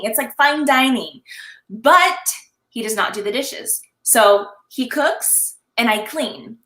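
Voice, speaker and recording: A young woman with a bright, forceful voice talks in a lively, animated way and keeps breaking into laughter. She acts out short scenes as she chats. The sound carries some room echo. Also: a little high, slow pace. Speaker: confidence coach, guest. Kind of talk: casual live-stream chat.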